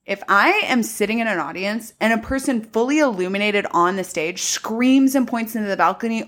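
Profane, animated woman recapping a movie. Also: medium pitch, brisk, hardly any pauses. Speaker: podcast co-host. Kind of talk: casual movie recap chat.

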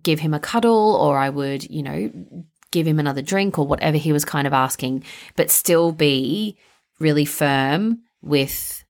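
A woman's voice: sits low, measured pace, a little mellow. A young woman hosting a parenting podcast, talking casually and chattily with lots of "like" and "um". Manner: chatty, filler-heavy, with frequent "like" and "um". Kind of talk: casual solo podcast chat.

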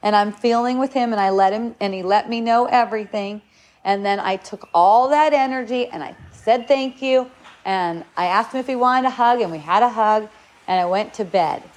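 A woman's voice: medium pitch, normal speed. A middle-aged woman giving a casual spiritual talk, rambling and repeating her words as she goes. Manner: rambling, repeats words, acts out shouts and quotes.

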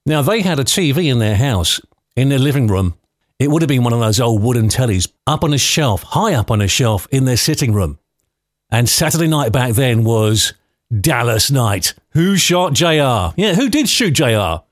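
A Londoner in his fifties hosts a podcast, sharing personal anecdotes in a chatty, nostalgic manner with light laughs. His mid-range voice has lively intonation at normal speed, recorded cleanly in a studio with no echo.

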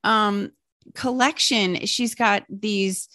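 A woman's voice: mid-range voice, very slow, bright, forceful tone, no echo. A woman hosting a podcast interview, chatting casually and with enthusiasm. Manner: enthusiastic, affirming. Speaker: podcast host.

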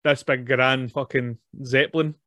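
A man's voice: medium pitch, fairly even intonation, a little slow, a bit bright, no echo, studio quality. Laughing man talking films. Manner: laughs often, chatty. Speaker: podcast co-host. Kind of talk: casual film chat.

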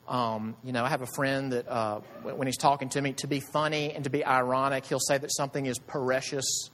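A man's voice: mid-range voice, level tone, a little fast, fairly bright tone. A man preaching a sermon, asking his listeners rhetorical questions in a conversational way. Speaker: pastor. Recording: long hall reverb.

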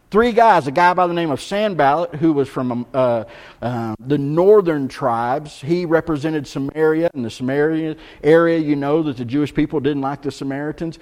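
A man preaching a sermon, telling a story and swinging between loud stretches and hushed ones. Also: fairly high pitch. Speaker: pastor.

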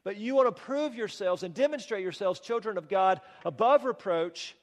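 A man preaching a sermon as pastor, emphatic and rhetorical, with touches of wry humor. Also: sits high. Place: church sanctuary. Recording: long reverb of a church hall.

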